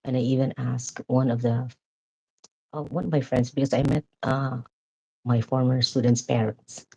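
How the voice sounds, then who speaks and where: A woman's voice: rumbling low, steady tone, moderate pace, mellow, low-quality recording. A woman vlogger chatting casually, laughing as she talks and often restarting her sentences. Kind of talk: casual chat.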